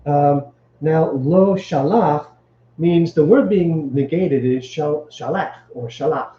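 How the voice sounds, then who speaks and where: A man's voice: fairly high pitch, a little slow, warm tone, roomy sound, lo-fi sound, a little hiss or hum. A man teaching Hebrew grammar to a live stream, explaining step by step and checking in with his listeners. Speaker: Bible teacher.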